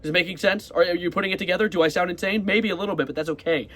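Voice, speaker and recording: A young man rambling fast in a casual video diary, swearing casually as he talks. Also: high voice, fairly bright tone. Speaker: vlogger.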